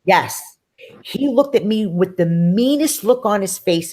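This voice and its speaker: A middle-aged woman, telling a personal story as an interview guest in a lively, chatty way, acting out the voices of people in it. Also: on the low side, normal speed. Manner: animated, acts out quoted voices.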